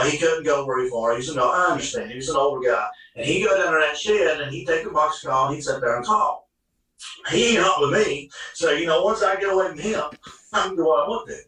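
A man spinning a hunting yarn in a folksy, colloquial way. His voice is fairly high and bright and forceful. The sound is very roomy and heard from a step back off the mic. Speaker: hunting guest telling a story. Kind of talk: casual storytelling. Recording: echoey room, mic at a distance.

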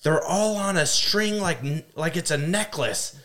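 A man's voice: measured pace, fairly bright tone. A man putting on the voice of a flustered middle-aged mother while telling a story. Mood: panicked. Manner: shrill, panicky accusing.

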